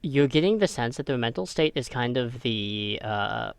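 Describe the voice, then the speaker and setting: A man running a tabletop game over a voice call, narrating hesitantly with many pauses and fillers. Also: mid-range voice, animated, gravelly, smooth, dry recording. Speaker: game master. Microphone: home mic over a voice call.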